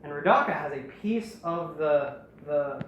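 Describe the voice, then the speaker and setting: A woman's voice: low voice, lively intonation, a little slow, dull audio, slight background noise. Chatty woman host, jokey retelling, heavy room echo. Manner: rambling, jokey, lots of fillers and restarts. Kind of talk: casual retelling of a story. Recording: very echoey room.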